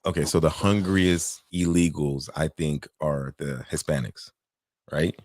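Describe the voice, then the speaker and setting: A man co-hosting a podcast in casual chat, telling stories with lively acted-out quotes and loose swearing. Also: a bass voice, a little slow, no echo. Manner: animated storytelling, acts out quoted voices, swears freely. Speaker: podcast co-host.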